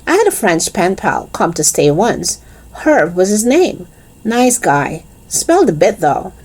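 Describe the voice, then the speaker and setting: A woman's voice: mid-range voice, big pitch swings, unhurried, a little mellow, breathy edge, full character voice. A woman voicing a friendly, chatty schoolboy who mumbles through his food in a storybook. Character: chubby, chatty schoolboy chewing sweets.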